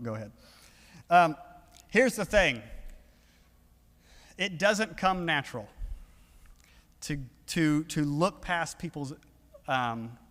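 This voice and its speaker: A man preaching an evening sermon in an earnest, conversational way, pausing and restarting as he talks. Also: fairly high pitch, pushed and bright. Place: church sanctuary. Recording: long reverb of a church hall.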